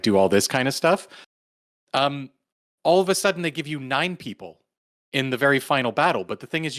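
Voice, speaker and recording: A man's voice: medium pitch, a bit bright, no echo. A man in mid range chats casually as a podcast co-host, wandering through his thoughts with lots of "like" and "um". His voice sits close and dry, with no room sound around it. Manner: rambling, full of "like" and "um". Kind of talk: casual chat.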